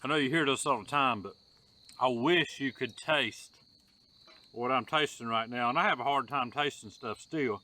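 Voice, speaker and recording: A man's voice: mid-range voice, normal speed, sharp tone. A man hosting a casual outdoor cooking vlog, talking in a folksy, drawling way and saying y'all a lot. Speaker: homestead vlogger. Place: outdoors on a rural homestead.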